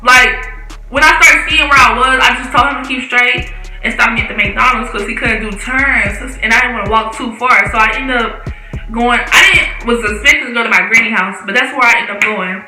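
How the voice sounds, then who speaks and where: A woman's voice: on the high side, fairly quick. A young woman around eighteen, a vlogger telling a storytime in casual slang, swearing and acting out what people said. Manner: animated, slangy, swears, acts out quotes. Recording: echoey room with faint music.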